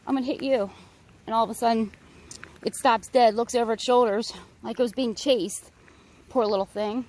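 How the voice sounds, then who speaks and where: A woman vlogging as she walks a wooded park trail, chatty, rambling and excitable, a little out of breath. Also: fairly high pitch, moderate pace. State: slightly out of breath. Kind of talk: casual walking vlog narration. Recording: outdoor recording, crickets and faint background noise.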